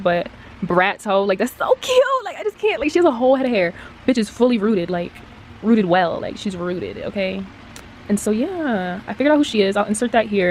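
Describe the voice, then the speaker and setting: A woman's voice: medium pitch, a little hiss or hum. A young woman chatting casually to camera about restoring dolls, rambling and slangy, with lots of laughs. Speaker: doll restoration vlogger.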